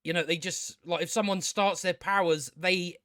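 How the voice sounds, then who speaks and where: Sarcastic high-voiced man ranting. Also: steady tone, normal speed, fairly bright tone, no echo, clean studio sound. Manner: sarcastic, stammering restarts. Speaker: movie commentator. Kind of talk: casual opinion rant.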